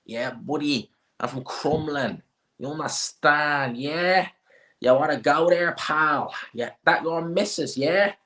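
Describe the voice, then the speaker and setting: A man's voice: a little high, slow, bright, forceful tone, reverberant, pitched above the performer's own voice. A man mocking a cocky Dublin lad. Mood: cocky, goading. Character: brash swaggering Dublin lad, male, young adult.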